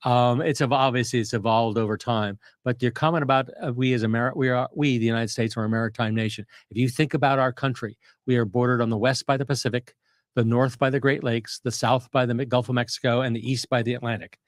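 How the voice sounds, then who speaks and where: A man's voice: mid-range voice, fairly even intonation, quick pace, dry recording, studio quality. An older man, a retired Navy captain and historian, explaining military history in a rambling, detailed conversational way with frequent restarts.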